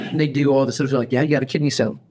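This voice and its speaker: Male podcast co-host, lively storyteller who plays every quoted voice, mid-range pitch. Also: quick pace. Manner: animated, acts out quoted voices, frequent restarts; laughs often while telling stories. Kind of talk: casual storytelling chat.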